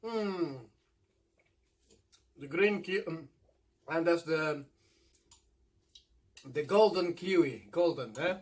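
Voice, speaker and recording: A middle-aged Portuguese man from Madeira hosts a casual eating video, his voice sitting fairly high for a man. He flips between Portuguese and English and keeps checking in with the audience with little "eh?" and "yeah?" tags. Long "mm" sounds come through while he eats. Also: slow, long pauses, a little mellow. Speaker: mukbang host.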